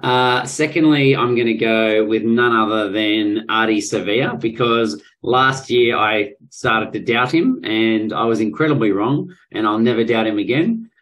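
A man's voice: lowish voice, unhurried, hardly any pauses, fairly bright tone, low-quality recording. Cocky man. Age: 30s. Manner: cocky and joking. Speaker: podcast co-host. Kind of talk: casual banter.

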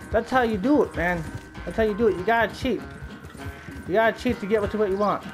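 A young man commentating his own gameplay in an excitable, profane, repetitive manner. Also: high-pitched, fast talker, over music, low-quality recording. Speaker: let's play gamer.

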